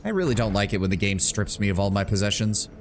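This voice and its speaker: A man streams a video game with a fairly low voice, chatting wryly and swearing now and then. He thinks aloud about game mechanics in loose, casual talk. Faint noise sits behind him. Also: lively intonation, quick pace. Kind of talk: casual let's-play commentary.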